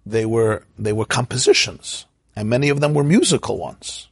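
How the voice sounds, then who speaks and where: Husky-voiced man teaching a Torah class. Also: medium pitch, animated, normal speed, dry recording. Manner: storytelling, asks listeners questions, chants Hebrew verses.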